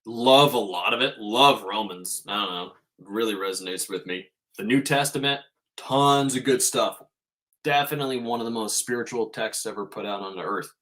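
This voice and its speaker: A man's voice: fairly low pitch, moderate pace, fairly bright tone. A man hosting a podcast, giving a casual spiritual monologue in an emphatic way and swearing freely.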